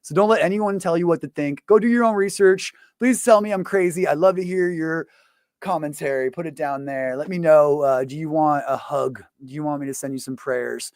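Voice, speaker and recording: A man's voice: fairly high pitch, fairly quick, darkish tone, no echo, studio quality. Profane, rambling male show host. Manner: profane, rambling, full of fillers. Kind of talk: casual ranting monologue.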